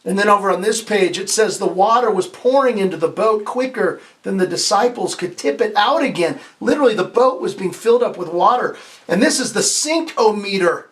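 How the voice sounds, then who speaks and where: A pastor hosting story time reads a children's picture book aloud in a voice that sits high, moving fairly quickly. He's expressive and playful, pausing to ask the kids questions and having them repeat lines, and he occasionally stumbles and restarts.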